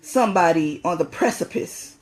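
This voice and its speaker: A woman's voice: fairly low pitch, animated, moderate pace, a little mellow. A woman giving an impassioned spiritual talk, emphatic and preachy, repeating phrases for stress.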